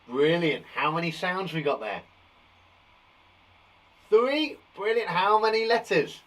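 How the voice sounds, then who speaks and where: Man, primary teacher, phonics lesson, encouraging, sounds out letters, sing-song pitch, slow pace. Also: rough recording. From England. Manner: lively, encouraging, sounds out letters slowly and stamps on sounds. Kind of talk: live phonics lesson for young children.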